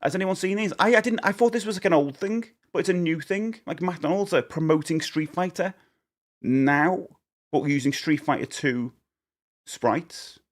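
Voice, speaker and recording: A man's voice: a little high, normal speed. A man chatting casually to his live-stream viewers. He rambles and corrects himself as he goes, and he laughs often. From United Kingdom.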